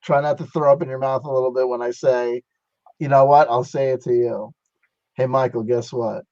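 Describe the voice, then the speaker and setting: A man's voice: mid-range voice, steady tone, normal speed, a little mellow, no room sound, dull audio. A man hosting a casual livestream chat, rambling and laughing, with a sentimental sign-off. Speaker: livestream host.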